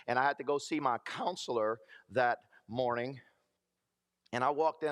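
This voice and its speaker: A man's voice: mid-range voice, a bit bright. Storytelling preacher man in a reverberant hall. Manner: storytelling, acts out quoted voices. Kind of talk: testimony sermon.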